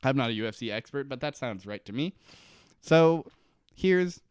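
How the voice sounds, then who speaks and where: A man's voice: mid-range voice, lively intonation, normal speed, clear, resonant tone, no echo, clean studio sound. A man co-hosting a podcast, casually recapping a TV episode, laughing often and swearing freely. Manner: laughing, swearing, retelling scenes. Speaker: podcast co-host.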